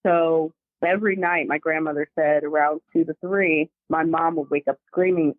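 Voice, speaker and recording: A woman caller telling family ghost stories in a chatty, animated, slangy way over the phone. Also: deep voice, moderate pace, no room sound. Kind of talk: casual storytelling over the phone. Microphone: phone call. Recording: dry tinny phone line.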